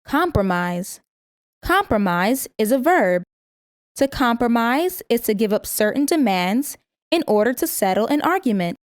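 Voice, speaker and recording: A woman reading a vocabulary lesson, saying each word, its part of speech, its meaning and an example sentence, and pausing for the listener to repeat it. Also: a little high, very animated, dry recording, clean studio sound. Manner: slow, careful word-by-word pronunciation. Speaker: vocabulary teacher.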